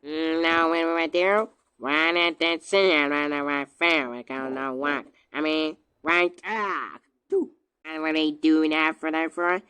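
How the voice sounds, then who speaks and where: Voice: mid-range voice, fairly even intonation, slow, pushed and bright, clean tone, dry recording. A performer voicing a chatty cartoon companion who asks puzzled questions.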